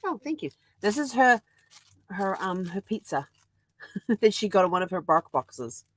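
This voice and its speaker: A woman's voice: medium pitch, lively intonation, unhurried. A woman from New Zealand with a New Zealand accent, chatting casually in a rambling daily vlog, full of ums. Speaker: vlogger. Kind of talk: casual chat. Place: at home with her dog.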